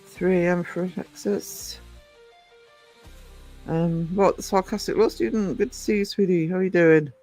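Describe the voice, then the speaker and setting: A man's voice: high voice, steady tone, normal speed, a little mellow, soft background music. A man hosting a casual livestream, rambling and greeting viewers by name as he chats. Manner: rambling, chatty, self-interrupting. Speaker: livestream host.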